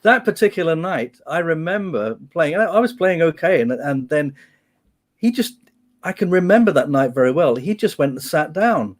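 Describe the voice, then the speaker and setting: A man's voice: a little high, lively intonation, moderate pace. A man reminiscing in a casual chat on a video call, telling stories with many restarts. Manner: chatty storyteller, many restarts, quotes others. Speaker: guest musician.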